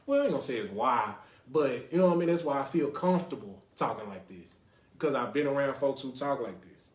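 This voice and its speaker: A man's voice: mid-range voice, expressive, brisk, roomy sound. A man from North Dallas, hosting a casual podcast with call-ins and often saying "you know what I mean". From Lake Highlands, North Dallas, Texas. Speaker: podcast host.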